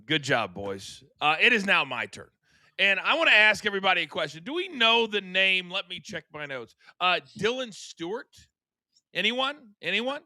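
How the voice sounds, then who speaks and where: A man's voice: high-pitched, sing-song, moderate pace, bright, forceful tone, dry recording. A man hosting a sports talk show, playful and teasing as he hands the floor to his co-hosts.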